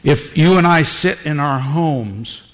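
A man's voice: fairly high pitch, lively intonation, takes it slowly. Preaching man in a reverberant hall. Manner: emphatic preaching with rising bursts of volume. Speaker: pastor. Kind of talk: sermon. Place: church sanctuary.

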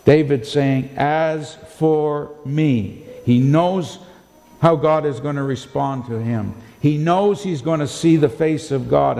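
A male pastor delivers a sermon at an unhurried, measured pace, leaning hard on emphasis and rhetorical questions. His voice is mellow and warm. It rings out with the long reverb of a church sanctuary. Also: fairly high pitch, vocal fry.

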